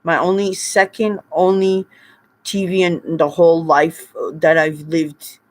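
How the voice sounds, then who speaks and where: Slow-talking man in his fifties. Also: fairly high pitch, flat delivery. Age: 50s. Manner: rambling, laughs often between remarks. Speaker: vlogger. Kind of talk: rambling personal storytelling.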